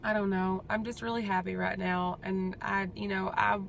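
Chatty, gravelly-voiced woman vlogging. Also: mid-range voice, flat delivery, normal speed, a little hiss or hum. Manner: chatty, rambling, heartfelt. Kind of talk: casual personal update vlog.

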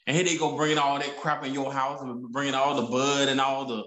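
A man preaching with halting, stammering restarts, and he reads scripture aloud. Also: mid-range voice, little pitch movement, fairly bright tone. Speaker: prophet. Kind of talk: preaching on a prayer broadcast. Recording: echoey room.

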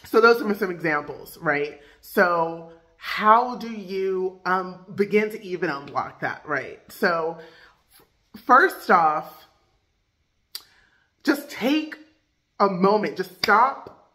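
A woman's voice: fairly low pitch, lively intonation, slow, long pauses, fairly bright tone. A woman life coach giving casual, chatty advice with lots of fillers. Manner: loose, filler-heavy, chatty.

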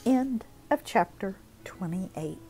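A woman narrating a classic novel as an audiobook, with expressive storytelling. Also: medium pitch, takes it slowly, soft background music, low-quality recording.

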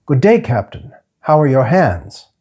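A man reading aloud, voicing a humble, polite little male healer who speaks formally and slowly. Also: mid-range voice, very animated, darkish tone, husky. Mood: calm, courteous. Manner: formal, soothing, slow and careful.

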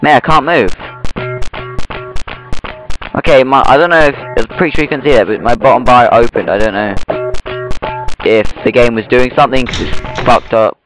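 A young man narrates his horror playthrough in a jumpy, cursing, rambling way. His voice sits at an ordinary middle pitch. Game music plays clearly behind him. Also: normal speed, long pauses, fairly bright tone, poor audio. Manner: jumpy, swearing, nervous rambling. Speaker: gameplay streamer. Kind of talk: horror let's play commentary.

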